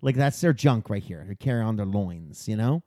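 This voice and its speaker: Animated, foul-mouthed podcast guy. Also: fairly low pitch, moderate pace, no echo, studio quality. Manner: profane, riffing, stammering restarts. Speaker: podcast co-host. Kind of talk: crude comedic banter.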